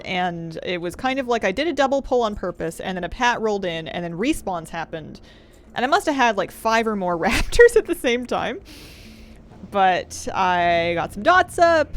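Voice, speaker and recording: Woman game streamer, gravelly fry, chatty and laughing, thinking aloud. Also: mid-range voice, slight background noise. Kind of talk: casual gameplay commentary.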